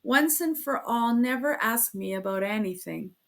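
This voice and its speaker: A woman's voice: fairly high pitch, lively intonation, gravelly. A woman voicing a tormented, brooding young man. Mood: grim. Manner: halting, strained pleading.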